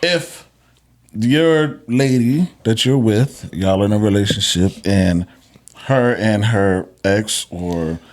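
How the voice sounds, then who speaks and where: A man's voice: fairly low pitch, takes it slowly, a little mellow. A man hosting and moderating a casual podcast debate. He teases his guests, presses his question, and talks loosely and profanely. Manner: teasing, pushes the question; loose, profane, laughs easily.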